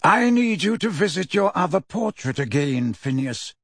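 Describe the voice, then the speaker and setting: A man voicing an elderly wizard headmaster who speaks in a measured, authoritative and courteous way, in a dry, close recording. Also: high voice, big pitch swings, a bit bright, husky, no echo, voice pushed up, exaggerated voice. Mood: calm, urgent. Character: elderly wise male headmaster wizard, calm and commanding.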